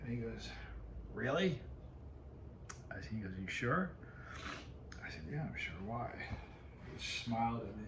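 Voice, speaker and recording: A man's voice: medium pitch, expressive, measured pace, long pauses, noisy background. Rambling man telling a story, echoey room. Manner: rambling, self-interrupting storyteller. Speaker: video host. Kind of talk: casual storytelling to camera.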